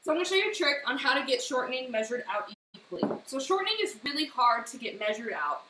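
A woman casually walking viewers through a baking demo from her home kitchen, slipping lively personal stories in between the steps. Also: high-pitched, fast talker. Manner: chatty, animated anecdotes between step-by-step instructions. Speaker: baking streamer. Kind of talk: casual live-stream baking demo and storytelling. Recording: echoey kitchen with faint noise.

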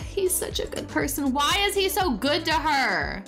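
A woman's voice: high voice, very animated, measured pace, fairly bright tone. A young woman giving casual let's-play commentary, chatting and exclaiming as she talks to her game characters. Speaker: gaming YouTuber. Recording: faint background music.

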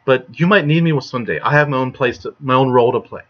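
A man's voice: medium pitch, fast talker, close to an everyday voice. A man voicing a small, timid mouse from a storybook fable, begging not to be crushed. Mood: pleading. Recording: muffled lo-fi recording.

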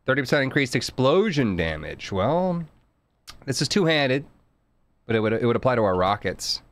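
A man's voice: mid-range voice, sing-song, normal speed. A man streaming a video game, chatting casually with viewers, thanking them and musing aloud over items. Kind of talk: casual live game commentary. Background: game music.

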